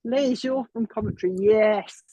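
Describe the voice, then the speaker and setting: This co-host has a slightly breathy, husky voice in a dry room with no echo. They read out viewers' names and home towns, sounding upbeat and supportive throughout. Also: mid-range voice, unhurried, mellow, lo-fi sound. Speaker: co-host medium.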